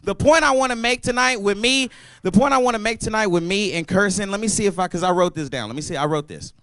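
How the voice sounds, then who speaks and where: Young stand-up man, high voice, loud and playful with apologetic asides, on a dry close mic. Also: fast, dry recording. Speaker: stand-up comedian. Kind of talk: open mic stand-up set. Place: comedy club stage.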